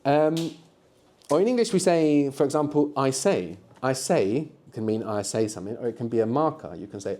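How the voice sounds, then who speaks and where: A man's voice: mid-range voice, lively intonation, normal speed, dark tone. A man teaching a live beginners' language workshop, patiently explaining and prompting students to answer.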